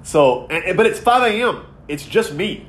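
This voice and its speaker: A man's voice: high-pitched, lively intonation, normal speed, fairly bright tone, a little hiss or hum. Profane, rambling man in his thirties. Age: 30s. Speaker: podcast co-host. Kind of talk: casual chat.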